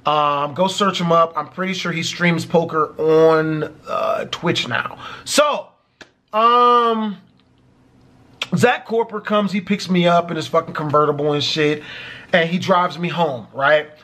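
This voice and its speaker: A man with a high-pitched voice recounts a dramatic story in a storytime vlog. He talks animatedly and curses constantly, with lots of fillers. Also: slow. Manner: animated, heavy cursing. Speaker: vlogger.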